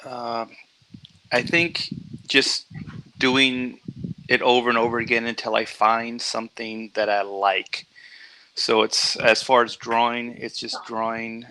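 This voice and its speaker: A man with a bright, slightly tense voice explains his work in a casual chat. He talks in a thoughtful, halting way. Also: mid-range voice, level tone, clean tone, low-quality recording.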